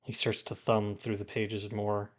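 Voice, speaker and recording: A man narrating as game master of a streamed tabletop game, unhurried and hesitant, pausing on fillers as he describes scenes. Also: on the low side, completely flat delivery.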